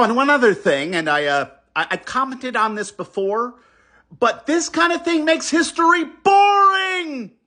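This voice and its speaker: A man giving a response commentary, animated and emphatic, critical and earnest, sometimes restarting his words. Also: sits high. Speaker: video commentator.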